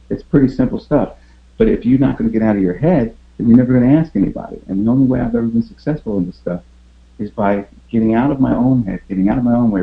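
A man's voice: medium pitch, gravelly, phone-quality sound. A man hosting a motivational business talk, emphatic, asking rhetorical questions and stumbling over repeated words. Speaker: podcast host.

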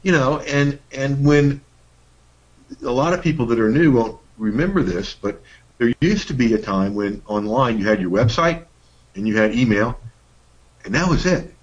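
A man's voice: mid-range voice, lively intonation, moderate pace, dull audio. A middle-aged man co-hosting a workshop, talking in a casual, folksy way with playful emphasis. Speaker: workshop co-host. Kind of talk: casual teaching talk.

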